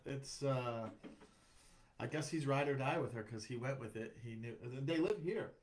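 A man's voice: medium pitch, moderate pace, poor audio. A young man chatting on a comedy podcast as a guest, rambling and reflective, with many restarts. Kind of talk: casual podcast chat.

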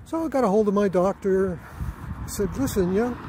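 A man vlogging a personal account in a halting way, with many fillers and restarts and a weary, aggrieved tone. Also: high voice, background noise. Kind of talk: casual personal account to camera.

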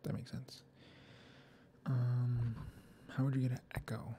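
Gravelly, soft-spoken gamer thinking aloud. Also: medium pitch, flat delivery, slow, long pauses, slight background noise. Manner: thinking aloud, rambling, half-whispered muttering. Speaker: gaming video creator. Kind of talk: soft-spoken gaming commentary.

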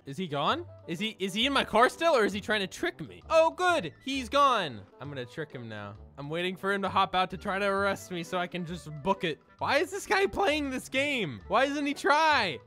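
A man giving excitable, jokey commentary on his gameplay, often shouting and laughing. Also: very high voice. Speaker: gaming YouTuber.

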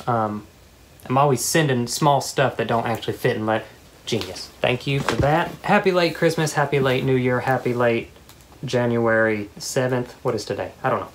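A woman vlogger chatting casually and excitedly as she opens fan mail at home, often gasping and laughing. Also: a bass voice, normal speed. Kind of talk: casual unboxing chat. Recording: background noise with paper crinkling.

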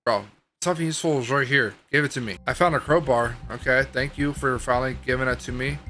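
A young man commentating a horror game, excitable and chatty, full of slang. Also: mid-range voice, quick pace. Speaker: gaming video host. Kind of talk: gameplay commentary. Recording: game music behind.

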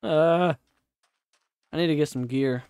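Smooth-voiced man streaming a game. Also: on the high side, slow, a little mellow, no echo, studio quality. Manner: chatty and profane, talks to himself and the game. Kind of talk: casual live gaming commentary.

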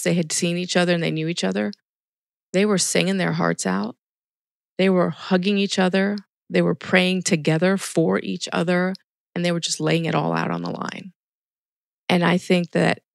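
A woman's voice: lowish voice, gravelly, no room sound, studio quality. A middle-aged woman, a ministry volunteer, telling stories earnestly in a casual podcast interview. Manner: earnest storytelling with quoted dialogue.

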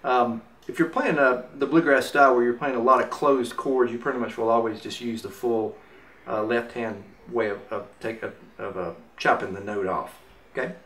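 With a medium-pitched, fairly bright voice, a man gives a mandolin rhythm lesson at a moderate, steady pace. He talks casually while playing and counting the beats out loud, captured off-mic in a roomy space with mandolin in the background.

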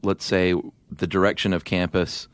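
A middle-aged man co-hosting a podcast, telling a story in a casual, animated way on a studio microphone. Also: sits low, moderate pace, no room sound. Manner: animated storyteller with restarts and laughs. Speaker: podcast co-host.

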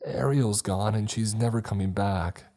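A man's voice: lowish voice, normal speed, mellow, soft background music, voice pushed up. A man voicing a young girl who wails and stammers through her upset. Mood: distraught.

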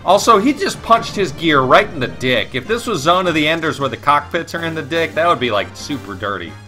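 A man's voice: on the high side, very animated, a little fast, bright, forceful tone. Profane rambling man over game music. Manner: rambling, profane, jokey, self-mocking. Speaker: let's play commentator. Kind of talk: casual gameplay commentary. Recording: game music playing behind.

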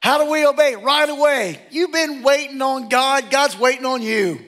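A middle-aged male pastor preaching a sermon, animated and joking, acting out the people he quotes. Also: extremely high pitch, moderate pace. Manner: animated, jokey, acts out quotes.

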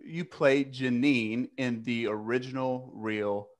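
A man's voice: mid-range voice, steady tone, takes it slowly. A man hosting a casual interview, upbeat and welcoming as he asks friendly questions. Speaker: podcast host.

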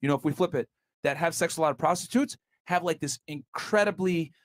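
A man's voice: fairly high pitch, fast. A man hosting a podcast, giving blunt opinions in casual chat, often restarting and filling with "like" and "bro". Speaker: podcast host.

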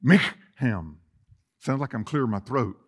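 A middle-aged man preaching a sermon in a church, folksy and joking, building to loud emphatic passages. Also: mid-range voice, unhurried. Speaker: pastor. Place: church sanctuary.

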